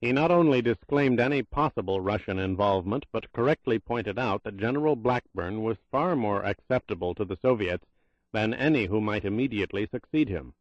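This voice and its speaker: A formal, diplomatic statesman raising objections, as a man plays him in an audiobook, a bit raised in pitch. Dry, slightly dull sound. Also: brisk, dry recording, natural voice. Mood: objecting.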